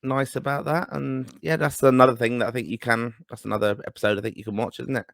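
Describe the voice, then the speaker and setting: A man co-hosting a casual football podcast, answering in a relaxed, easygoing way. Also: mid-range voice, fast talker, creaky, no echo. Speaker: podcast co-host.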